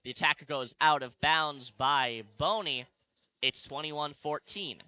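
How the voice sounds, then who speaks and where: A young man doing live play-by-play sports commentary, calling the action quickly and correcting himself as he goes. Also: on the high side, steady tone, sharp tone, clear, resonant tone, no echo. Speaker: play-by-play announcer. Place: arena broadcast position.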